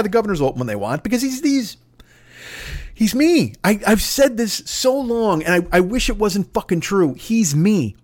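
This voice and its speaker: Brief: podcast host, man, slightly high voice, profane exasperated rambling monologue. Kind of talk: solo comedic rant.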